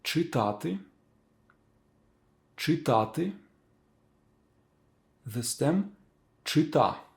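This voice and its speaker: A man teaching a language lesson, saying each word slowly and repeating it for learners to copy. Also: on the high side, animated, gravelly. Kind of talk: slow spoken language lesson.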